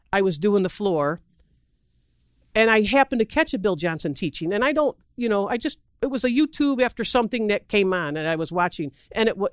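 Lively, rambling preacher storyteller. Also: dry recording, studio quality. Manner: animated storytelling, acting out quotes with big pitch swings; asks the audience questions directly. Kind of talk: sermon.

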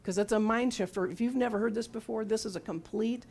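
She talks fast, this woman in her sixties, in a high-ish, steady voice with a darkish tone and a breathy edge. Her testimony-style sermon is conversational, full of questions to the listeners and quoted lines she acts out as herself and as God.

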